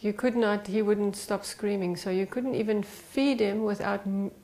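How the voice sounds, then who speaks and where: A middle-aged woman from South Africa, haltingly recalling family hardships in a conversation. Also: medium pitch, steady tone, mellow. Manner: halting, with pauses and restarts. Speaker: interviewee, wife. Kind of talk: personal testimony in conversation.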